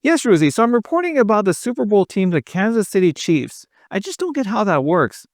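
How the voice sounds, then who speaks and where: A man's voice: sits high, sing-song, a little fast, no room sound, clean studio sound. A man voicing a clueless, earnest male street reporter who rambles and corrects himself.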